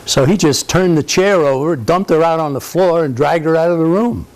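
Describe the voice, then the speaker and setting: A man's voice: fairly high pitch, normal speed, poor audio. An older man speaking informally to an audience at a club event, rambling and conversational with frequent restarts. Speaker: speaker at a political society event. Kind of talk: informal speech to a live audience. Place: country club function room.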